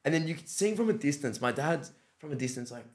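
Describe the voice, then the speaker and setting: An Australian man, a podcast guest, telling stories in a casual chat, lively and acting out what people said. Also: on the high side, fast talker. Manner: animated, acts out quoted dialogue, says "bro" often.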